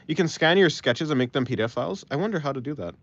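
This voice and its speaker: A man's voice: a little high, animated, racing, a bit bright, no room sound. A man livestreaming while he draws, chatting with viewers, rambling and thinking aloud into a phone mic. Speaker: art livestreamer. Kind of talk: casual chat with a live stream audience. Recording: slightly dull audio, faint music.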